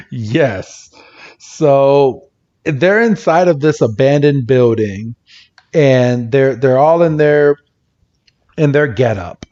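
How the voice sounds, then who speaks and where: Slow-talking man recapping with laughs. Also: mid-range voice, lively intonation, a little mellow, lo-fi sound. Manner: swears freely, laughs often, acts out quotes. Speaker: podcast co-host. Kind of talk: casual episode recap.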